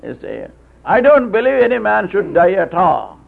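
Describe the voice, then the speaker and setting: A man preaching a sermon, with halting restarts, telling stories and acting out voices. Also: high-pitched, very animated. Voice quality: gravelly, husky. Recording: tinny phone-like old tape.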